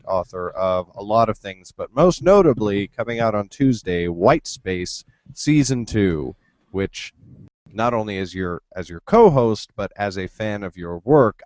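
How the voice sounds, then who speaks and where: A man's voice: lowish voice, darkish tone, dry recording. Enthusiastic male podcast host, dry close mic. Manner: enthusiastic, swears casually, rambling. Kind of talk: casual chat.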